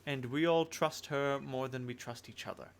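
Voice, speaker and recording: A man voicing a suave, cryptic male schemer in a tabletop game, with a smooth, knowing delivery. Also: medium pitch, moderate pace, lightly acted. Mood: assured.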